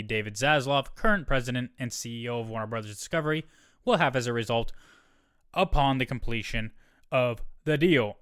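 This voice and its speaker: A man's voice: mid-range voice, fairly bright tone, clear, resonant tone, no room sound. A man hosting a solo podcast, reading news quotes aloud with wry asides into a close mic. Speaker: podcast host.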